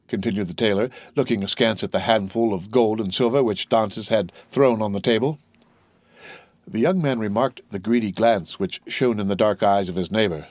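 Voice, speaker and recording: A man reading a classic novel aloud as an audiobook narrator, with an expressive delivery. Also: on the low side, moderate pace, dry recording. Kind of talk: scripted narration.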